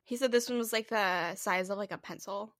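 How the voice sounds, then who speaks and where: Female podcast co-host, mid-pitch, loose and profane, recorded dry and close. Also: a little fast, fairly bright tone, no room sound. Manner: loose retelling with many "like"s and swearing. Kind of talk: casual storytelling chat.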